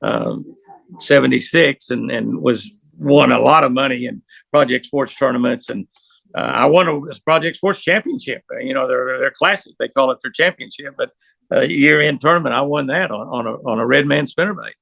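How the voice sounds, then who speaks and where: Gravelly older man telling folksy stories. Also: mid-range voice, moderate pace, a bit bright, no room sound. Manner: folksy, rambling anecdotes. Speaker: pro angler guest. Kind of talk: storytelling interview.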